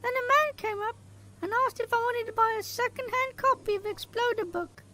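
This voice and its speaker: A small crude child, very high squeaky voice, bright and sharp, deadpan storytelling, comedy sketch. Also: fairly quick.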